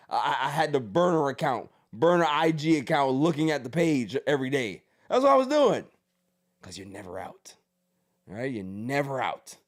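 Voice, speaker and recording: Male podcast host, slightly high voice, emphatic ranting delivery with sardonic humor. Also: darkish tone. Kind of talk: casual podcast commentary.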